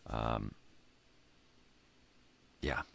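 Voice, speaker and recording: An older man hosts a rambling, laid-back morning monologue from a home room crammed with tapes and records, talking casually and profanely. His tone is fairly bright, he draws out his words, and there's slight background noise.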